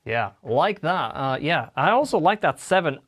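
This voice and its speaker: A man's voice: on the high side, sing-song, moderate pace, a bit bright. A man hosting a casual livestream, rambling chattily and answering chat messages while he plays guitar. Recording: guitar playing behind the voice.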